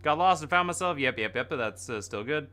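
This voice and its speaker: Bright-voiced man streaming a game. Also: a little high, brisk. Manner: reads characters' lines aloud, with sudden loud excited outbursts to chat. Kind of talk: game stream commentary and reading dialogue aloud.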